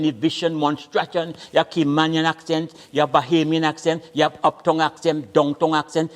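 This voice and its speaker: A man, an older Caribbean storyteller, performing comic stories and dialect poetry with a theatrical, playful delivery. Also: fairly high pitch. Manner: lively, theatrical, playful voices and rhythmic delivery.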